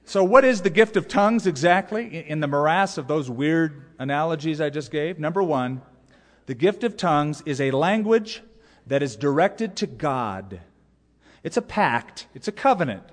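A man's voice: a little high, lively intonation, normal speed. A man, a pastor, preaching a sermon with emphatic, repeated key phrases. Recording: long hall reverb.

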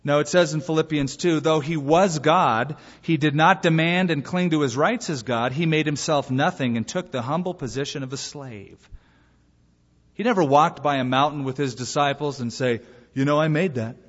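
In a church sanctuary, a male pastor preaches at a moderate pace with a husky, fairly high voice that swings widely in pitch. His lively delivery includes acting out short bits of dialogue. The recording sounds muffled, with a long hall reverb on his voice.

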